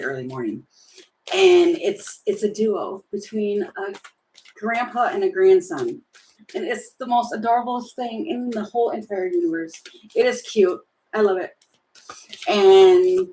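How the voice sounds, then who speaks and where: Slow-talking giggly woman reading tarot. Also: mid-range voice, a little hiss or hum, rough recording. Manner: giggly, chatty, thinking aloud. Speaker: tarot reader.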